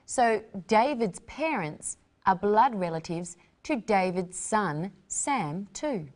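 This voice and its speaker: A woman presenting an English lesson, explaining words slowly in a scripted teaching style. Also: medium pitch, lively intonation, a little mellow. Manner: slow, explanatory.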